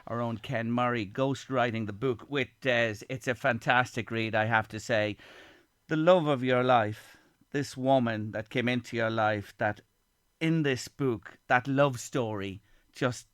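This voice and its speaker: A man's voice: medium pitch, a little slow, fairly bright tone, clear, resonant tone, no echo, clean studio sound. A man hosting a lunchtime radio show, interviewing a guest with admiration. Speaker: radio host. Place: radio studio. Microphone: studio microphone.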